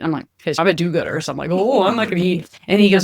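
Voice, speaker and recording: Woman rattling off a funny story at the kitchen table, fast, dry sound. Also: fairly low pitch, no room sound. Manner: animated storyteller acting out quoted voices. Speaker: podcast co-host, flight attendant. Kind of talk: casual storytelling chat. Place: home kitchen.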